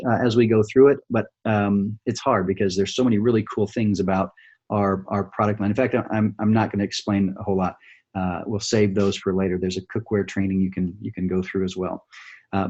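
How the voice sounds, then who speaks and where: A man with a low, slightly husky voice leads a sales training session over a video call. He coaches in a loose, conversational way, full of fillers, and keeps checking in with the listener. The sound comes through a plain computer mic. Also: a little mellow, dull audio. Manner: coaching, repeats "right?" and "okay?", thinks aloud with fillers. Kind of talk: screen-share sales training.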